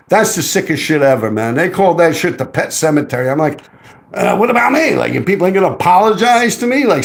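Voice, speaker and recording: Gravelly man ranting on a livestream. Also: high-pitched. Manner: rambling, heavily profane, worked-up storytelling. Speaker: livestream host. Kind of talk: casual livestream storytelling.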